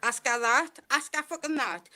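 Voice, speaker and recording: A woman's voice: high-pitched, normal speed, a crowd in the background. A woman on a live video call, ranting furiously with constant swearing and threats. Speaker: guest on a live chat stream. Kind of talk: heated live chat.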